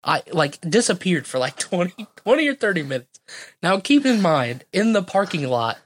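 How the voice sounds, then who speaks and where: A young man telling a story in a casual podcast chat, animated and profane, acting out what people said. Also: high voice, moderate pace, slight background noise.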